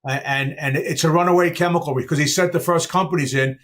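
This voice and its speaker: A man hosting a podcast, telling stories in a lively casual way and asking questions. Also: a little high, quick pace. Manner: animated storyteller with chuckles and asides. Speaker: podcast host. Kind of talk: casual chat.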